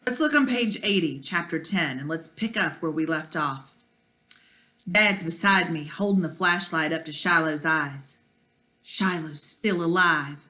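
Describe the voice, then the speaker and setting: A woman's voice: low voice, a little slow, bright, forceful tone. A woman teacher reading a children's novel aloud, with chatty asides to the kids.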